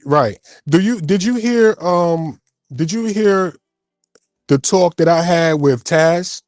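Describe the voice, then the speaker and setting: A man's voice: a little high, animated, slow pace, a little mellow, dry recording, clean studio sound. Emotional, stammering man on a panel. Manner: emotional, stammering, repeats himself. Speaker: panel guest. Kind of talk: heated panel debate.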